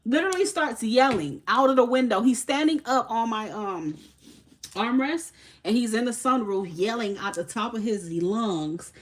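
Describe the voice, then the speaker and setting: Brief: young woman, Haitian background, fairly high voice, animated and profane live-stream storyteller. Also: moderate pace. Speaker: tarot reader hosting a live stream.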